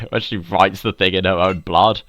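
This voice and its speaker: A man's voice: low voice, steady tone, unhurried, fairly bright tone, no room sound, highs cut off. A man co-hosting a podcast in casual chat, rambling, laughing often and swearing freely. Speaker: podcast co-host.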